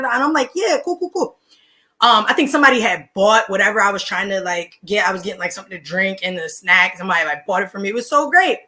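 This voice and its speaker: A young woman, a podcast guest telling stories in casual, slangy chat and laughing between lines. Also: fairly high pitch. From Philadelphia, USA. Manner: animated, slangy, laughs mid-story.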